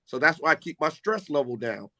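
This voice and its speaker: Brash high-voiced man hosting a chat. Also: big pitch swings, brisk, pushed and bright, no echo. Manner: brash, boastful trash talk. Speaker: live stream host. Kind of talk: casual live chat with callers.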